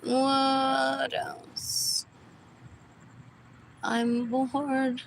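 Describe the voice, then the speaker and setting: A woman with a high voice rambles unhurriedly through a live stream on her phone, circling back to the same questions and drifting between English and Spanish. Loud traffic and passing vehicles fill the background. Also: little pitch movement, extremely slow, gravelly, rough recording. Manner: meandering, repeats herself, switches between English and Spanish. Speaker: livestreamer.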